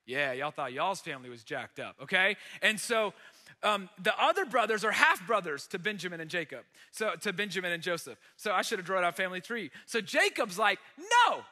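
A pastor telling a Bible story in a casual sermon, acting out the quotes. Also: male voice, high voice, lively intonation, brisk, pushed and bright, big-room sound.

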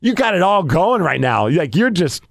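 A man hosting a podcast tells a story in a casual, animated way, acting out his own reactions as he goes. His voice sits a little high, and the sound is dry and close to the mic. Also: normal speed, creaky, dry recording. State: losing his voice. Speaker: podcast host.

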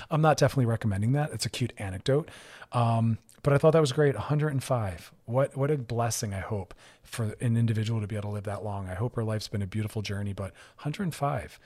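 A man hosts a radio talk show, speaking as a therapist. He is chatty and upbeat and laughs often. His voice sits at a medium pitch. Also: a little fast, darkish tone.

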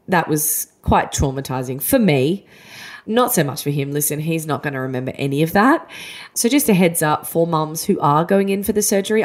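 Low-voiced mum, chatty and self-deprecating, telling a personal story. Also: female voice, darkish tone. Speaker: mum podcaster.

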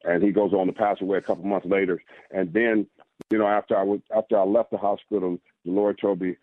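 A man's voice: deep voice, little pitch movement, fast, no room sound. A man, a guest author, telling his personal testimony in an earnest way and often repeating words. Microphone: phone. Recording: phone-line sound.

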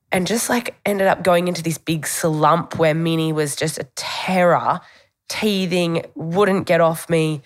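A woman's voice: lowish voice, unhurried. A young Australian woman telling stories as a podcast co-host, chatty, with lots of "like" and casual swearing. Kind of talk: casual chat.

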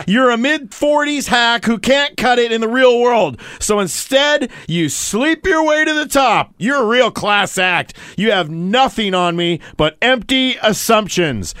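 A man's voice: very high voice, a bit bright, clear, resonant tone, dry recording, clean studio sound, heavily acted. A man playing a defensive coworker who hurls insults between laughs. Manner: mocking, laughing while insulting.

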